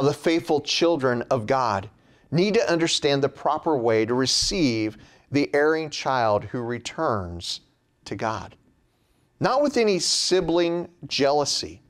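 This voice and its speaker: A man preaching a sermon in a slow, measured way, his pitch dropping at the end of phrases.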